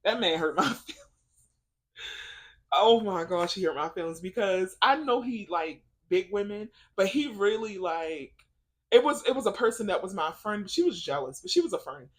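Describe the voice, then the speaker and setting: A woman vlogging in a casual, faith-based chat, telling stories in an animated, emotional way with lots of laughter and "like". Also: mid-range voice, moderate pace. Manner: chatty storytelling, lots of "like".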